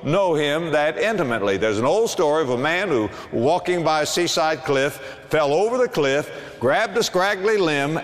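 A man preaching a sermon to a congregation, animated, with big swings and emphatic bursts. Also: fairly high pitch, in a large hall. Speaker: pastor.

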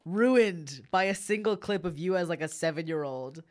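A woman's voice: lowish voice, expressive, moderate pace. A woman hosting a podcast in casual, rambling chat, often laughing. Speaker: podcast host.

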